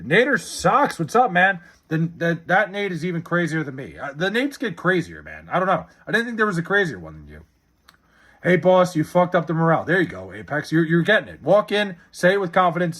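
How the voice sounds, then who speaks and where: A man's voice: fairly high pitch, a bit bright, husky. A man casually chatting on a live stream, reading chat messages and answering with profane, sarcastic banter.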